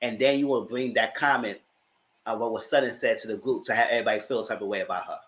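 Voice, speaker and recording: A man giving a casual spoken recap of reality TV shows at home, colloquial and animated. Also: fast talker. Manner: animated, mocks people in high put-on voices; colloquial, with "y'all". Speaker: commentator.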